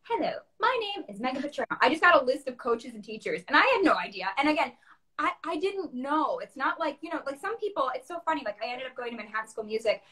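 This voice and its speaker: A woman from Chicago chats as an interview guest, her voice sitting a little high. She tells her story with lively energy, voicing her past self in quoted asides and laughing as she goes. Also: fast. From Chicago, USA. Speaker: guest opera singer.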